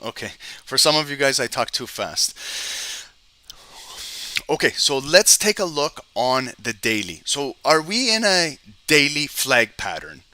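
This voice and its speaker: A man hosting a live market stream, his voice very bright and sharp with a dry, close sound. He talks fast and eagerly, tossing in a quick "okay?" to check on his viewers. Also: medium pitch, no room sound. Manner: fast-talking, excited, frequent "okay?" check-ins. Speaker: trading stream host.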